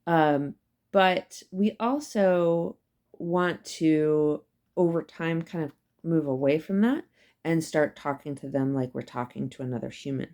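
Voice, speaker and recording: Low-voiced woman giving a casual lecture. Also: measured pace, a little mellow. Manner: chatty and emphatic, many fillers and asides. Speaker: psychology professor.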